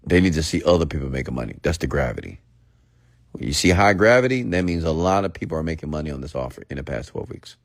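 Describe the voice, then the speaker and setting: A man's voice: rumbling low, sing-song, quick pace, no echo, clean studio sound. A man hosting an unscripted livestream rant, talking casually and checking in with "okay?" and "get it?". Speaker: online marketing host.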